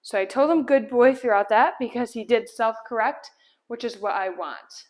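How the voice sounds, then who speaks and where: A woman's voice: fairly high pitch, moderate pace, a little mellow. A woman dog trainer explaining a puppy's sit and down stays while giving him firm commands indoors. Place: indoor room at home.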